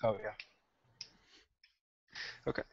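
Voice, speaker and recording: A man's voice: slow pace, muffled recording. A man playing a tabletop game, easygoing and a bit self-deprecating. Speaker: player. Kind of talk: casual tabletop game chat.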